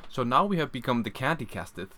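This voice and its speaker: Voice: medium pitch, very animated, a little fast, crowd noise. Podcast co-host, casual chat, playful, teasing.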